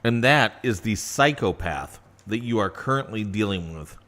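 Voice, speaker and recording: A man's voice: lowish voice, animated, moderate pace, fairly bright tone. A man hosting a casual political talk radio show, brash and opinionated, with sarcastic asides.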